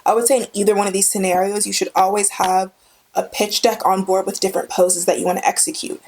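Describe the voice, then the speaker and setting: Here a young woman teaching photography talks quickly to the camera at a middle pitch with little rise and fall, her voice a touch mellow. She stays friendly, enthusiastic and chatty, repeating things for emphasis. Recorded indoors with a studio light on the camera's mic, the casual vlog carries slight background noise.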